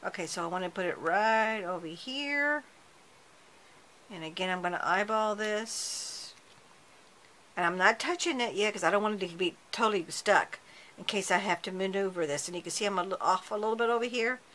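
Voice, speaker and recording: A chatty woman talks through a card-making project, breaking off and restarting as her hands stay busy. Her voice is bright and forward. A faint hum of room noise sits behind her. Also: medium pitch, normal speed, poor audio. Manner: chatty, self-correcting while working with her hands. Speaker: card-making tutorial host. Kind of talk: casual craft tutorial narration.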